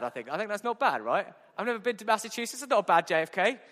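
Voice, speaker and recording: A man preaching a sermon as pastor, lively and humorous, asking the congregation rhetorical questions. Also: sits high, very fast, hardly any pauses. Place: church. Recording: echoey church hall.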